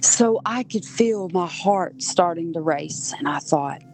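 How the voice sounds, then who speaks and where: A woman's voice: fairly low pitch, expressive, slow, darkish tone, slight background noise, low-quality recording. A woman from southern Georgia, a podcast guest, earnestly recounting events step by step. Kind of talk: personal storytelling.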